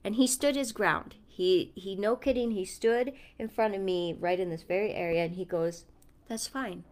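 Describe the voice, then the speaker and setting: A woman's voice: medium pitch, moderate pace, darkish tone. A mother talking casually and earnestly, telling a story about her son and reflecting on her Bible reading. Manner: earnest, storytelling, speaks with conviction. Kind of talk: casual reflective vlog talk.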